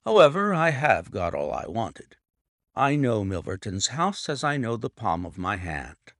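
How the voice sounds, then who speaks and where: A man reading a calm confident detective, measured and assured, lively lilt, gravelly edge. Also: fairly low pitch, no room sound, studio quality, full character voice. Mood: amused. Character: cool, confident male detective, calm and unflappable. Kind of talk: audiobook reading.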